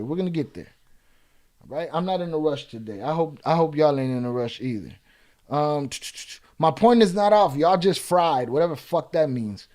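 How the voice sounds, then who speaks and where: A man's voice: high voice, a little mellow. A man hosting a live reaction stream, reading chat comments aloud and firing back in profane street slang with a Chicago accent. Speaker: reaction channel host.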